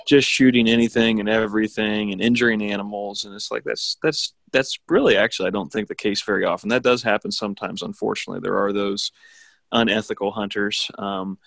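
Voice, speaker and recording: A man's voice: on the low side, fairly even intonation, a little fast, creaky, fairly bright tone, no echo. An American man hosting a podcast, talking in a friendly, hesitant way with many fillers. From United States. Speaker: podcast host. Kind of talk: casual interview chat.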